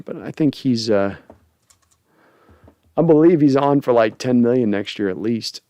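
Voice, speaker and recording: A man hosting a casual sports livestream, reading out viewer comments with animated, joking chat. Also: mid-range voice, measured pace, clear, resonant tone, dry recording, dull audio. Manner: animated, jokey, reads chat aloud. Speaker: host.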